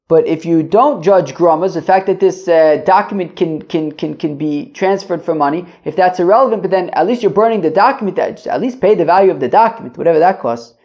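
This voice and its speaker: A man's voice: sits high, a little fast, hardly any pauses, a little mellow. A man hosting a podcast who reads Talmud passages aloud and explains them casually in English, often stumbling and repeating words as he searches for his phrasing. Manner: reads Aramaic lines then explains in loose, rambling English. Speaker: Talmud teacher and podcast host. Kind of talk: casual daily Talmud lesson. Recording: dull lo-fi podcast audio.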